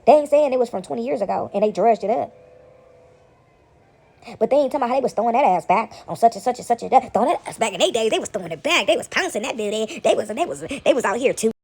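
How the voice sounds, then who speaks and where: Gravelly, husky-voiced woman rambling to viewers. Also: a little high, lively intonation, fast talker, darkish tone. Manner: rambling and repetitive, slipping into mocking voices. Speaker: vlogger. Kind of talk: casual spiritual commentary to viewers. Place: at home, sitting back among laundry.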